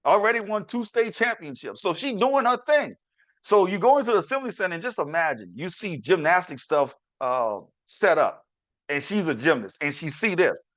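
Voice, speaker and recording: Chatty high-voiced man storytelling. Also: sing-song, normal speed, fairly bright tone, no echo. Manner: chatty, repetitive, addresses listeners as y'all. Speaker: podcast host. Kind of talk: casual storytelling monologue.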